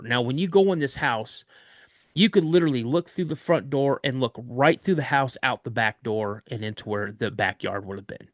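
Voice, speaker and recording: A man's voice: mid-range voice, brisk, fairly bright tone, dry recording, clean studio sound. A man, a podcast guest, vividly recounting a frightening personal story. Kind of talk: recounting a scary true story.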